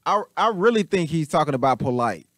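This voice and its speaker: A man's voice: on the high side, lively intonation, brisk, no echo, studio quality. A man hosting a commentary show, casually thinking aloud about clips he replays.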